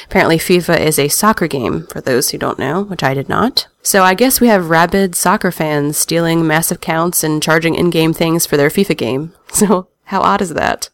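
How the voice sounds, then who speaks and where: Woman hosting a gamer podcast, chatty and wry, kinda low voice. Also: moderate pace, hardly any pauses, no echo. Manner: chatty, laughs often, reads news with wry asides. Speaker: podcast host. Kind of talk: casual podcast chat and news reading.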